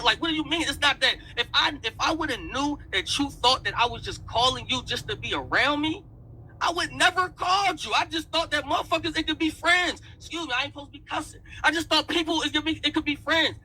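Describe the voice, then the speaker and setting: A man's voice: extremely high pitch, quick pace, bright, forceful tone, slight background noise, poor audio. A man heatedly retelling an argument, repeating "I said" as he goes. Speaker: battle rap league owner. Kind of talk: heated storytelling in an interview.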